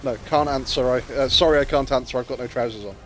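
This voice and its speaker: A man's voice: mid-range voice, quick pace, slight background noise. A man streaming a game, chatting casually with friends and joking around. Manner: joking, laughs a lot, tells dad jokes. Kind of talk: casual gaming chat with friends.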